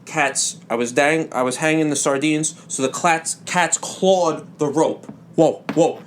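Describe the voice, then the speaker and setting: A young man hosting a comedy podcast, telling rambling absurd stories in a deadpan way with sudden loud bursts. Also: a little high, a little slow, a little hiss or hum. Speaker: podcast host. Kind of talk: absurd comic storytelling.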